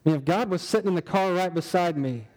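A man's voice: high voice, fast talker, darkish tone, in a large hall, low-quality recording. A man preaching a sermon in a conversational way, asking the congregation rhetorical questions. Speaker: pastor.

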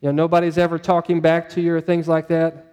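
Male pastor, slightly high mellow voice, chatty preaching style that draws in the congregation. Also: completely flat delivery, fast talker, clear, resonant tone, in a large hall. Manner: conversational, asks the congregation questions. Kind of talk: sermon.

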